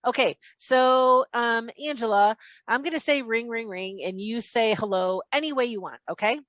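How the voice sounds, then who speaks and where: Woman, sales trainer, video call, energetic, chatty, dry sound. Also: on the high side, normal speed, no echo. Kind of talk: live online training session.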